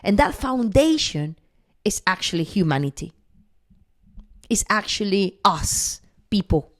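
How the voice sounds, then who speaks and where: A woman speaks as a guest in a podcast conversation, earnest and encouraging. Her voice sits at a middle pitch for a woman. She pauses often with soft fillers while she gathers her thoughts. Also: very animated.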